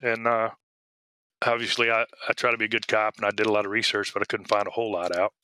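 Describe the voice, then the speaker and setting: Halting, bright-voiced police officer. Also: male voice, fairly low pitch, little pitch movement. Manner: halting, full of fillers and restarts. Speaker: police K9 handler, guest. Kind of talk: casual interview storytelling.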